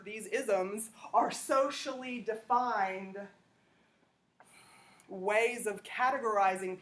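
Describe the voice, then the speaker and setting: A woman lecturing a classroom, talking conversationally and checking in with "okay?". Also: mid-range voice. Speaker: teacher.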